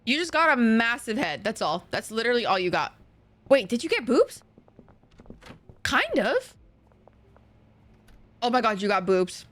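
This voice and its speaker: A woman's voice: a little high, sing-song, measured pace, pauses often, a bit bright. Crude, joking woman streamer. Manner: crude, joking and swearing freely. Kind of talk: casual gameplay chat with a co-op partner.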